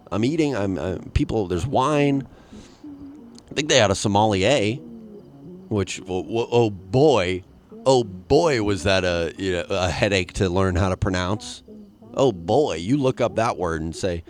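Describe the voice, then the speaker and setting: A podcast host with a deep voice rambles through a comic solo monologue at normal speed, animated and full of crude asides. He jumps into acted voices for the people he quotes.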